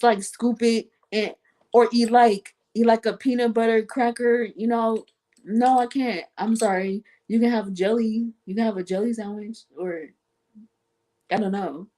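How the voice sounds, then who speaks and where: Woman with speech, chatty and playful, jokey asides, voice jumps around a lot. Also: mid-range voice. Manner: playful, animated, self-mocking asides. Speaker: guest on an online talk show. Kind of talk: casual storytelling monologue.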